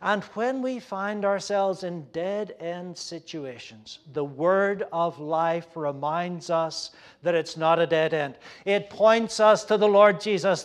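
Earnest high-voiced man preaching. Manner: earnest, halting with many fillers and restarts; rises louder when voicing complaints. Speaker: pastor. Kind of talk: sermon.

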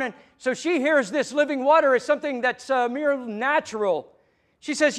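A man pastor preaching a sermon, emphatic, with loud stressed phrases and soft, low asides. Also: a little fast.

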